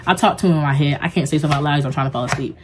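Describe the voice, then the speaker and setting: A young woman speaks to her camera in a loose, confessional vlog. Her voice sits low for a woman. She rambles warmly, circling back with filler words as she opens up. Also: very fast, a little hiss or hum. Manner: rambling and heartfelt, heavy use of "like". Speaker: vlogger. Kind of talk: casual confessional vlog talk.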